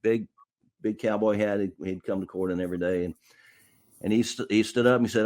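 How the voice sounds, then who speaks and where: Deep-voiced man telling stories. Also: steady tone, brisk, darkish tone. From South Carolina. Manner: rambling, repeats words often. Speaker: defense lawyer guest. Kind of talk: casual storytelling.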